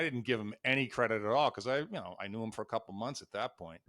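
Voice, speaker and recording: A life and executive coach in his fifties talks fast with hardly any pauses, at medium pitch and a slightly bright tone. As a podcast interview guest he tells candid, emotional stories and acts out past conversations. The recording is dry, with clean studio sound.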